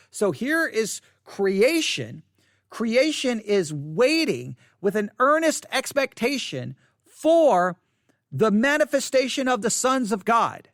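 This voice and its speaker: High-voiced candid male pastor preaching. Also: takes it slowly, no room sound, studio quality. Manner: animated, bursts into high excited exclamations; candid, self-deprecating. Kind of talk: expository Bible study sermon. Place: church.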